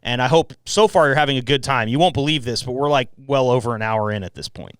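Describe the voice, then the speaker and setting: A man's voice: mid-range voice, fast talker, fairly bright tone, smooth, no echo. A man hosting his own podcast, chatting casually, joking, swearing and laughing often. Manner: loose, profane and laughing. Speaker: podcast host. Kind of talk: casual chat. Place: home podcast room at night.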